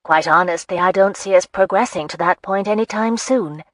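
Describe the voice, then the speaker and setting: A woman voicing a young, earnest marchioness in an audiobook, speaking briskly and earnestly. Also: mid-range voice, a bit bright, no echo, studio quality, pitched above the performer's own voice, natural voice. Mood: flustered.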